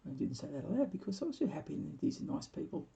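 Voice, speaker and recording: Man, forties, very gravelly voice, warm and dark, casual rambling chat, mumbles as he paints. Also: high-pitched, big pitch swings, quick pace, highs cut off. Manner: rambling, chuckling, trails off into quiet mumbles. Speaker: host of a live miniature painting stream.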